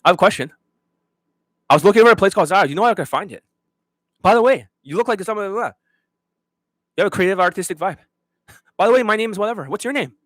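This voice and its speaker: A man mimicking a nervous young man who rushes his words while chatting up women. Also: high voice, lively intonation, fairly bright tone, no room sound, voice pushed up. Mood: rushed mocking. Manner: rushed, words crammed together.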